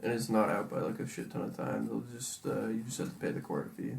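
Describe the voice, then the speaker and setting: A man's voice: lowish voice, fast, creaky. A young man co-hosting a casual podcast, ranting heatedly and profanely with many fillers. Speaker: podcast co-host. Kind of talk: casual chat.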